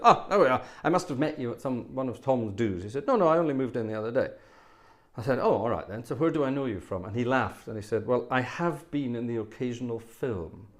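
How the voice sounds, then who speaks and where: Man, livestream host, rambling casual storytelling, wry humour, lots of ums, mid-pitched voice. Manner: rambling anecdotes with fillers and asides; wry, self-deprecating humour.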